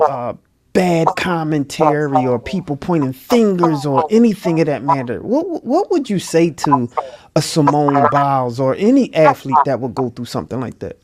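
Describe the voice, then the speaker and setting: A man's voice: a little high, a little mellow. A man co-hosting a casual interview show, talking loosely with many fillers and laughing easily. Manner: loose, rambling, laughs often. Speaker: co-host.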